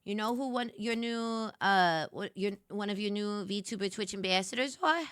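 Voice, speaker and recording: Woman streamer, bubbly and gushing, bright tone, dry close mic. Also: medium pitch, moderate pace, clean tone, dry recording. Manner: bubbly and gushing, sudden squeals and soft whispers. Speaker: VTuber streamer. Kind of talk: casual late-night stream chat.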